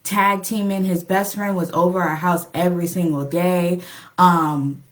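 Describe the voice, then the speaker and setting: A young woman recounts a past relationship in a loose, chatty way, sprinkling in fillers and acting out what people said. Her voice sits a little low, and she takes her time. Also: steady tone, unhurried. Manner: chatty, lots of "like" and "um", acts out quoted lines. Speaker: relationship vlogger. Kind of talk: casual storytelling to camera.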